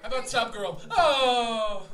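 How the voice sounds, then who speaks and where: A young man, a rapper fronting a live show, trading loud, profane, laughing banter with the crowd on a small theater stage. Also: very high-pitched, expressive, takes it slowly. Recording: echoey live room, mic heard from far, loud crowd.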